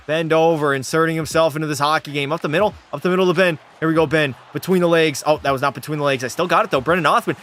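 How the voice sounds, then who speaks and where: A man's voice: fairly high pitch, racing, hardly any pauses, a bit bright. A young man commentating his own hockey video game on a live stream, a little tipsy, swearing freely, answering chat and calling plays like a sportscaster. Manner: rowdy, profane, mock play-by-play, reads chat aloud. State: tipsy from a few drinks. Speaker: gaming streamer.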